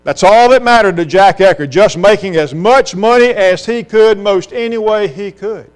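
A man's voice: high-pitched, moderate pace. A middle-aged man from South Carolina, preaching an impassioned sermon full of rhetorical questions. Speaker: pastor.

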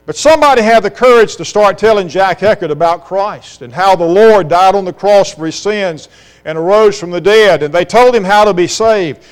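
Speaking at a normal speed, a middle-aged South Carolina pastor delivers a fervent sermon full of rhetorical questions. His voice is high, clean, and resonant, and a constant mains hum sits beneath the recording.

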